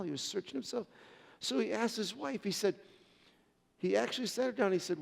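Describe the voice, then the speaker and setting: An earnest male pastor preaching a sermon, telling stories with many restarts. His voice sits a little high and has a gravelly fry. The sound carries the long reverb of a large hall. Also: fairly quick, darkish tone.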